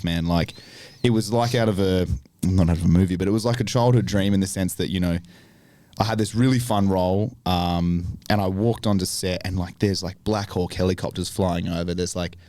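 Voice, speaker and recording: A young adult man, a podcast guest telling animated stories about acting work, swearing often. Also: sits low, no echo. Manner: animated storytelling with lots of swearing. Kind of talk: casual chat.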